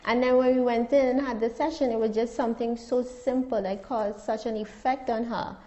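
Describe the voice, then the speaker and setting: Mellow-voiced woman therapist, earnest. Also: on the high side, fairly even intonation, a little fast, highs cut off. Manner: earnest, reflective storytelling. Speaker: therapist guest. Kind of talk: casual interview.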